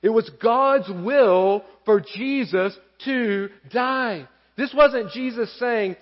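Earnest male pastor, high voice, sermon in a reverberant sanctuary. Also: slow pace, few pauses. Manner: earnest, repeats key phrases for emphasis. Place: church sanctuary. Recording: echoey church hall, dull lo-fi.

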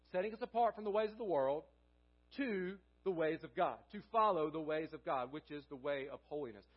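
A man's voice: high-pitched, dull audio. A male pastor preaching a sermon in a church, repeating key phrases for emphasis and asking the congregation questions he then answers. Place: church sanctuary.

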